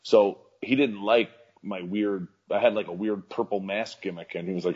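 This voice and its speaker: A man with a very low, husky voice chats casually as an interview guest. He rambles along in a laid-back way, full of fillers and restarts. The audio comes through slightly muffled and lo-fi. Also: fairly even intonation, moderate pace, a little mellow. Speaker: professional wrestler guest.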